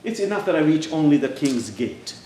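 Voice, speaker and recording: A man's voice: on the high side, big pitch swings, fairly quick, dark tone, slight background noise. A man voicing a vain, showy male peacock in a sermon story, sounding complacent and self-satisfied. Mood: smug. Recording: echoey church room.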